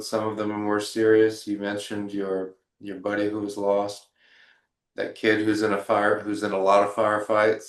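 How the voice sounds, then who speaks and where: A man interviewing a veteran, asking measured, reflective questions. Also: on the low side. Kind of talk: oral history interview questions. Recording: echoey room.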